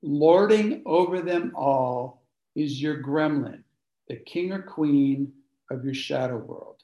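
The recording is dull-sounding and captured in an echoey room, where a man with a high-leaning, dark voice takes his time. As the workshop leader, he gives an informal teaching talk and chats with the group, asking them questions.

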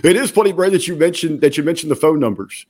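Man with a fairly high voice, chatty. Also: expressive, fast talker, a little mellow. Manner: chatty, jokey, long-winded. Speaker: podcast co-host. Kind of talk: casual chat.

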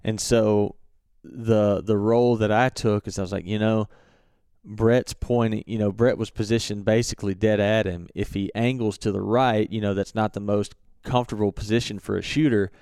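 A young man telling a hunting story in a relaxed, halting way with many fillers and restarts. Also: on the low side, smooth, dry recording, studio quality. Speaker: turkey hunter recounting a hunt. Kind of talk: casual storytelling.

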